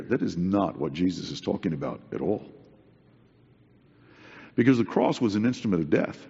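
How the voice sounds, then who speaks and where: Preaching earnestly and conversationally, this man drives points home through repetition. His fairly low voice is gravelly, warm and a bit breathy, a little fast with big pitch swings and long pauses. The audio is dull and carries long hall reverb.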